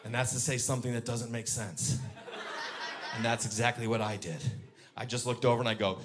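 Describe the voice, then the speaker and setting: A man doing a stand-up comedy set, telling a story in a dry, deadpan way that breaks into sudden shouting. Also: mid-range voice, brisk. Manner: deadpan, then shouting bursts. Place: comedy stage.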